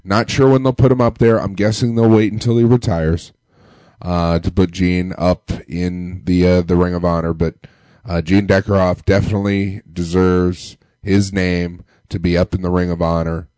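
A man hosting a casual sports fan podcast, talking while sick with a deep, congested voice and a loose, joking manner. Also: little pitch movement, normal speed, a little mellow, no echo. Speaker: podcast host. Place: Tampa area.

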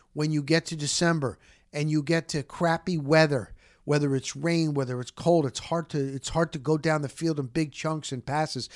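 A man's voice: on the high side, no room sound, clean studio sound. A man hosting a casual sports talk show, rambling and repeating words for emphasis. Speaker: sports podcast host.

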